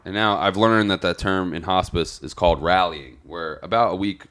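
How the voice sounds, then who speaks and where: A man's voice: sits low, normal speed, fairly bright tone, clean tone. A young man on a podcast, telling a long personal story in a rambling, profane, casual way. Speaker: podcast co-host.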